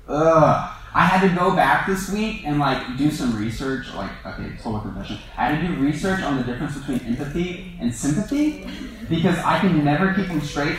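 A man gives a sermon in a relaxed, chatty manner, joking at his own expense and leaning on fillers. His voice sits a little high. It carries from a distance through a strongly echoing room with faint noise behind. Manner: conversational, self-deprecating, many "like" and "um" fillers. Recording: echoey room, voice from far off.

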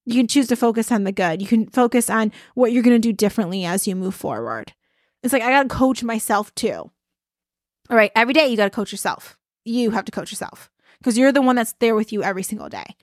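A woman's voice: fairly high pitch, quick pace, no echo, studio quality. A woman host telling a personal story in a casual motivational talk, chatty and addressing listeners as y'all. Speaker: podcast host and life coach.

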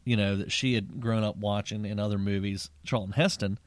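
A man's voice: fairly low pitch, brisk, no room sound. Chatty man retelling a story. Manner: animated storyteller, many restarts. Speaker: podcast co-host. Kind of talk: casual film chat.

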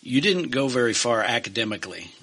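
A man's voice: medium pitch, lively intonation, brisk, sharp tone. A man co-hosting a podcast, asking eager, leading questions of his guest. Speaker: podcast co-host. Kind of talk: interview questions.

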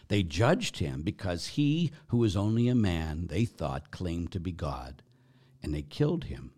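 Impassioned priest, loud then hushed. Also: male voice, low-pitched, very animated, unhurried. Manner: impassioned and blunt, swinging from loud emphasis to hushed near-whispers. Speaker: Catholic priest, podcast host. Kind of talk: podcast monologue answering questions.

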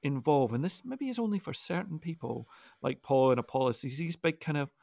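Gravelly man explaining. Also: on the high side, expressive, a little fast, a little mellow, dry recording, clean studio sound. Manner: thoughtful, explanatory, with frequent restarts. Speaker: co-host of a Bible discussion podcast. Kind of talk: casual discussion.

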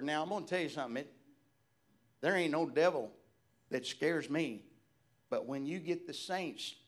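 A man preaching a sermon, swinging from hushed, drawn-out lines to shouted, fervent calls. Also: a little high.

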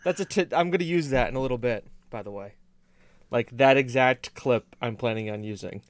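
Male host, chatty and rambling, mid-pitched, close and dry mic. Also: fairly quick, no room sound. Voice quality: rambling, chatty, self-correcting. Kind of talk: casual podcast chat.

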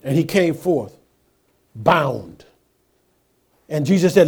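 A male pastor preaching a sermon, throwing rhetorical questions at the congregation and swinging from hushed asides to loud emphatic lines. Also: on the high side, expressive, slow pace, gravelly, husky.

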